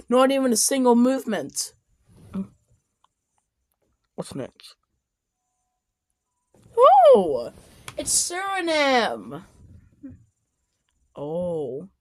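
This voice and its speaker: Excitable female commentator, higher voice with big swings in pitch. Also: no echo. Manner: excitable, exclaims and shouts often. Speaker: video commentator. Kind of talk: casual reaction commentary.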